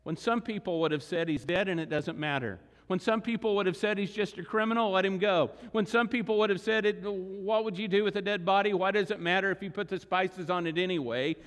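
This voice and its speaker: Guy preaching a sermon, pretty high voice, slows way down to hit points, big church echo. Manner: dramatic retelling with acted quotes, slowing for emphasis. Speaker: pastor. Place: church sanctuary.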